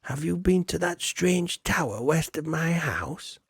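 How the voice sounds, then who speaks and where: Man voicing a wary villager in a farming game, pitched up, husky. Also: lively intonation, measured pace, no echo, studio quality, exaggerated voice. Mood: curious.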